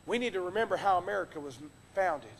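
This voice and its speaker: A man preaching a sermon from the pulpit, impassioned, swinging between loud exhortation and hushed earnest tones. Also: high-pitched, expressive, fast, slight background noise. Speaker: pastor. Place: church sanctuary. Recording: long reverb of a church hall.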